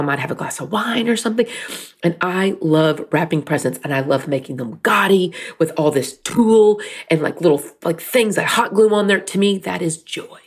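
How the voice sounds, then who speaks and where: A woman's voice: lowish voice, breathy edge. A middle-aged woman talking candidly about faith and grief, emotional and rambling, teary at times. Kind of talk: personal faith talk.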